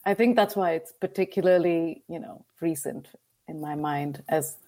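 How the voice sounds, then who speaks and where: A woman's voice: sits low, moderate pace, mellow. A woman who narrates company videos, chatting casually as a podcast guest in a matter-of-fact, self-deprecating way. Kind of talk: casual chat.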